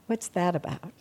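Calm older woman giving a dharma talk. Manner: calm, reflective, acts out inner self-talk. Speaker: meditation teacher. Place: meditation hall.

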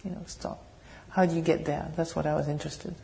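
A woman with a French accent tinged with British English, giving a meditation talk and answering questions in a gentle, searching way. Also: low voice, steady tone, a little fast, gravelly. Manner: gentle, searching, laughs softly, asks the audience questions. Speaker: meditation teacher. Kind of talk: dharma talk with Q&A. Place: meditation hall.

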